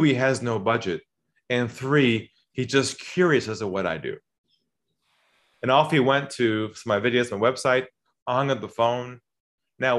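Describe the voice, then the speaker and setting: A man talking as a sales coach on a podcast, telling stories and acting out phone calls in changed voices. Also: mid-range voice. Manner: animated storyteller, acts out calls in changed voices. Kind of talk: podcast conversation.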